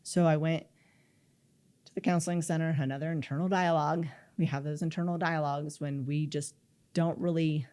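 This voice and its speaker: A deep, fairly quick voice carries this middle-aged woman's personal story, told as a guest in an interview. She's animated throughout and performs the quoted dialogue.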